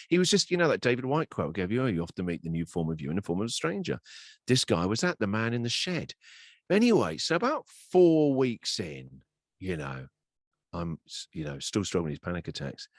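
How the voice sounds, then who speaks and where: A man tells a story in an interview, voicing each person in it as he goes. His voice sits low but swings widely in pitch. The sound is dry and close. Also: a little fast, no echo. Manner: lively anecdotes, acting out both sides of conversations. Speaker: radio host and interview guest.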